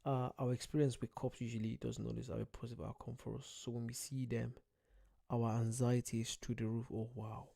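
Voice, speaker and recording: A young Irish man chats loosely through a livestream, with a mellow, warm tone. He reads viewer comments aloud and rambles. His jokes are at his own expense. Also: mid-range voice, level tone, a little fast, gravelly. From Ireland. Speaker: streamer. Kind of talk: casual livestream chat.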